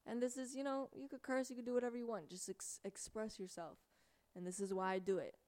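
A woman's voice: a little high, fairly even intonation, quick pace, darkish tone. A young woman from the United States, hosting a radio show and talking casually, rambling with lots of filler words. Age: young adult. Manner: chatty, rambling, lots of "like" and "you know".

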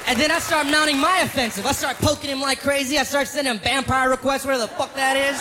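A young man performing a stand-up comedy set, telling a story with animated delivery and mocking voices for the people he quotes. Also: extremely high pitch, fast talker, hardly any pauses, heavy background noise. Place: comedy club stage. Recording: live club recording with crowd laughter. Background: audience laughing.

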